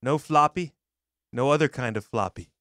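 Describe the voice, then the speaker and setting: A man's voice: medium pitch, normal speed, bright, forceful tone, no room sound, studio quality. A man co-hosting a casual comedy show, reading a listener's message aloud and riffing on it with frequent laughs. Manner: jokey, reads aloud and riffs, laughs often. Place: studio.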